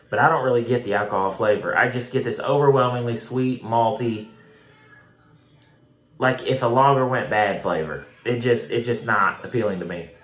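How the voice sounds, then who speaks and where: A man talks straight to his viewers in a casual review. He is blunt and emphatic, repeats words and swears freely. His voice sits at a middle pitch, and the room around him rings with echo. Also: fairly bright tone. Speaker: beer reviewer. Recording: echoey room.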